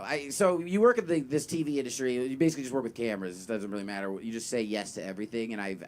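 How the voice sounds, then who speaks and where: A man's voice: on the low side, a little hiss or hum. A young man performing a stand-up set, telling a loose, rambling story full of fillers and swearing. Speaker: stand-up comedian. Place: live comedy venue with audience. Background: audience laughter.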